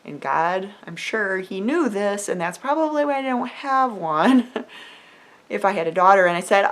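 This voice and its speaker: A middle-aged homeschool mom vlogger talks to camera in a chatty, earnest way, full of fillers and quoted voices. Her mid-range voice swings widely in pitch, and she speaks unhurriedly.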